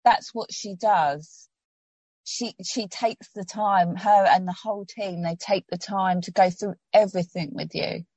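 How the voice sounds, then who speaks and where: A woman's voice: medium pitch, steady tone, unhurried, a little mellow, no room sound, dull audio. A woman telling her personal story in an interview, heartfelt and rambling with many restarts, getting emotional.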